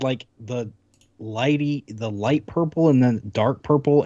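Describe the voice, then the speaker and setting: A man's voice: mid-range voice, darkish tone. Rambling man on a lo-fi stream. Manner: rambling, full of restarts while showing off a console. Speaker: podcast co-host. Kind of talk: casual chat.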